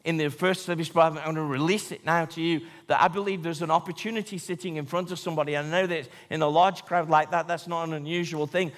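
A man's voice: fairly high pitch, steady tone, fast, hardly any pauses, a bit bright. Man preaching in a reverberant hall. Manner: conversational preaching, asks the crowd rhetorical questions. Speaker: pastor. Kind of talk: sermon. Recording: long church hall reverb.

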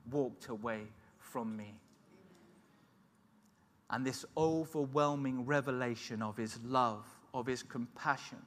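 A middle-aged man with a medium-pitched, slightly bright voice gives an emotional personal testimony as a sermon, earnestly telling his story. A long hall reverb surrounds him.

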